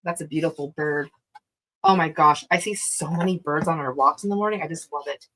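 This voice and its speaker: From her craft room, a middle-aged woman runs a live online craft sale, chatting easily, gushing over items and laughing a lot. Her voice is low and fairly quick with a sharp edge, and the recording quality is poor.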